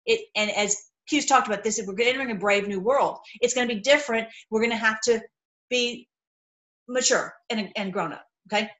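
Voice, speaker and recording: A woman's voice: on the high side, fairly quick, a bit bright, lo-fi sound. A woman giving a casual, rambling Bible teaching, talking straight to her viewers and acting out the people she quotes.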